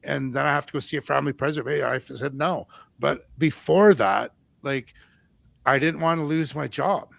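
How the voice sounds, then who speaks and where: Gravelly, rambling man telling stories. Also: a little high, normal speed, no echo. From Canada. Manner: rambling, animated storytelling with quoted voices. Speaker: podcast host. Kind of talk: casual chat.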